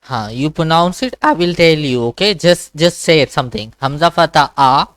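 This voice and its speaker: A man's voice: on the high side, expressive, moderate pace, fairly bright tone, no echo. A man teaching Quran reading in an online one-to-one class over a video call, patiently repeating sounds and checking understanding.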